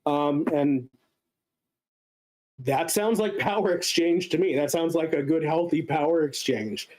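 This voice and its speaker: A man giving a casual explanatory lecture as a guest speaker, often pausing on filler sounds. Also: a little high, a little mellow, poor audio.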